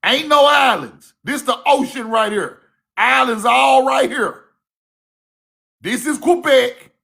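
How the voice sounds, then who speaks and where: A man giving a casual, fiery online lecture, cussing freely, repeating himself and shouting key words. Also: very high-pitched, slow, creaky. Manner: laughs at own points.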